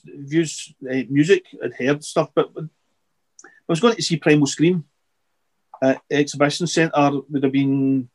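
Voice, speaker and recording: A middle-aged man, a podcast guest, chatting casually and rambling with halting restarts and repeated words. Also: on the high side. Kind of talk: casual interview chat.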